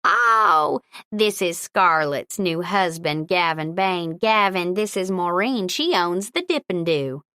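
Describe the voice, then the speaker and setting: Woman reading spunky older lady, bossy and sharp, low-ish voice. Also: animated, takes it slowly, few pauses, smooth, no room sound, studio quality, full character voice. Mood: cheerful. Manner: sharp, scolding, commanding.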